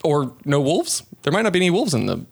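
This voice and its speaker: A man's voice: fairly high pitch, big pitch swings, a little fast, vocal fry, slightly rough. A man casually retelling a Bible story on a podcast, rambling and acting out the quotes in goofy voices. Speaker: podcast co-host.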